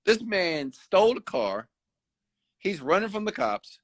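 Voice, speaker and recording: A man delivering a late-night motivational rant, preachy and repetitive, now and then jumping high to mimic other people. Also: measured pace, no echo. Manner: animated, mimics other people with sudden high-pitched outbursts; preachy, repeats phrases for emphasis. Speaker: motivational host. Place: Houston.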